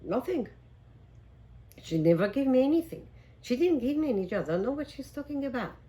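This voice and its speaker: A man's voice: high voice, expressive, normal speed, mellow. A woman voicing an indignant middle-aged man who lies and denies everything, in a storytelling lesson. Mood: indignant denial.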